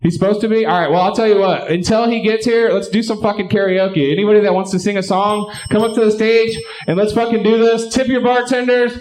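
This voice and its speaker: A man doing a live stand-up set and hosting, bantering crudely with the crowd and shouting his punchlines. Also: high-pitched, steady tone, fast, hardly any pauses. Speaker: stand-up comedian and show host. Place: live comedy club stage.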